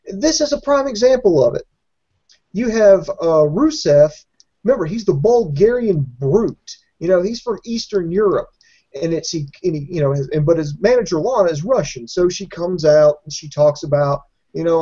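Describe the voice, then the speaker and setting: A man's voice: high-pitched, expressive, moderate pace, dark tone, breathy edge, highs cut off. Sarcastic, profane man on a podcast. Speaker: podcast co-host. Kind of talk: casual wrestling podcast chat.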